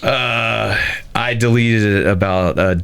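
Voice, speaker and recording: A man, a guest on a podcast, telling a personal story in a halting, casual way. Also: on the low side, fairly even intonation, gravelly, a bit bright, smooth. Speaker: guest, brewery owner.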